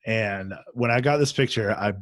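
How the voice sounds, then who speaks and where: Man, lowish voice, casual rambling storyteller, dry close sound. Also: moderate pace, no room sound. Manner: rambling with many fillers and restarts. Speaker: podcast host. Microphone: video call.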